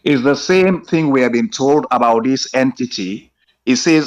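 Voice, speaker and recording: A man's voice: medium pitch, normal speed. A man calling in to a heated live debate, speaking hesitantly with many fillers and repeatedly trying to break in. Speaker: caller.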